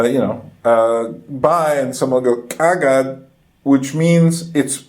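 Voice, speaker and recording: Relaxed man teaching phrases, mid-pitched. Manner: relaxed, thinking aloud with restarts, acts out how people say words. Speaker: channel host teaching basic words. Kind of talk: casual spoken lesson.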